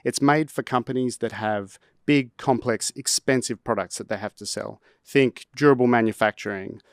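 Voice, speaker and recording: A startup founder giving a rehearsed, punchy and confident sales pitch. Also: male voice, normal speed, smooth, no echo, clean studio sound.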